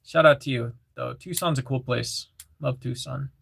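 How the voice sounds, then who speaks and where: A man's voice: medium pitch, moderate pace, gravelly, a bit bright, breathy edge. A man casually chatting on a livestream, reading chat messages aloud and repeating phrases, with lots of fillers.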